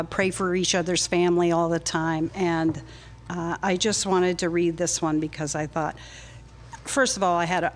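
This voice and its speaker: Woman host at a poetry night, lowish voice, slow and easygoing. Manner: slow, chatty and relaxed. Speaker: open mic host. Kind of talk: reading poetry at an open mic.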